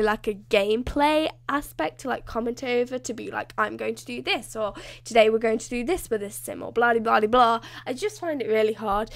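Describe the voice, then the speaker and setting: A young woman rambling through a casual game voiceover, self-mocking and laughing often, her voice a little hoarse. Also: a little high. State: voice slightly hoarse. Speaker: gaming YouTuber.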